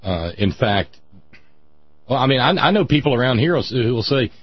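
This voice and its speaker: Wry West Virginian man, husky lively voice. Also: medium pitch, moderate pace, dull audio. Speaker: radio talk show host. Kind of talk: casual call-in radio talk.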